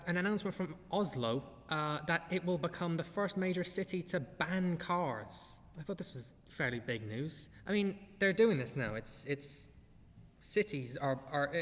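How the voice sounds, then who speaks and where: A man's voice: a little high, a bit bright, long reverb tail. A man hosting a podcast, giving blunt, profane, sardonic commentary. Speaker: podcast host. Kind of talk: casual commentary.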